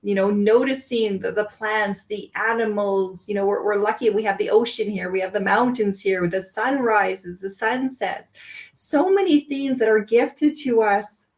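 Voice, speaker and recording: A woman's voice: mid-range voice, moderate pace, darkish tone, poor audio. A woman guest on a podcast, speaking in a reflective, musing way and often saying "you know". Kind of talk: casual podcast conversation.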